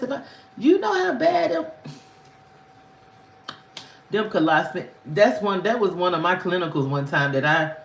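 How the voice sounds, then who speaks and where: A woman chats on a livestream in a loose, rambling storytelling style. Her voice jumps high and drops low as she talks. The room around her has a noticeable echo. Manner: candid, rambling, with frequent pitch swings. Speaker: livestream host. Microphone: phone or webcam on a livestream.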